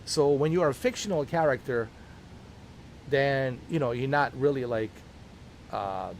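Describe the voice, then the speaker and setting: A man's voice: mid-range voice, measured pace, a little hiss or hum. Rambling, insistent male streamer. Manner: rambling and insistent, with many restarts. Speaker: gaming streamer. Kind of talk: casual chat.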